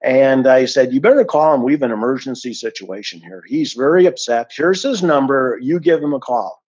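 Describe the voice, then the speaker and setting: A man's voice: mid-range voice, expressive, moderate pace, darkish tone, breathy edge, dull audio. A man giving an indignant, emphatic account of a complaint as an unhappy client, stressing and repeating his points. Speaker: dissatisfied client giving a review.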